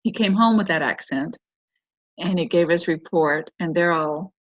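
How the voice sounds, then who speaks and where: Woman, middle-aged, podcast host, low voice, casual rambling storytelling, self-correcting, dry lo-fi sound. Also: moderate pace, no room sound. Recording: dull lo-fi dry recording.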